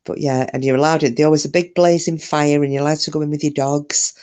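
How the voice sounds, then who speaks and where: A woman's voice: sits low, fairly even intonation, fast talker, warm tone. A British woman chats casually through a live stream, rambling from one thought to the next. She answers her viewers' comments one by one, calling them by name. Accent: British English.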